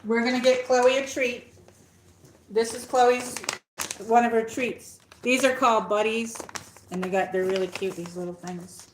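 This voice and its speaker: A woman's voice: on the high side, fairly even intonation, unhurried, reverberant, slight background noise, low-quality recording. A woman hosting a casual livestream from her home, chatting with viewers and coaxing her dog. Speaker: livestream host. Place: room at home.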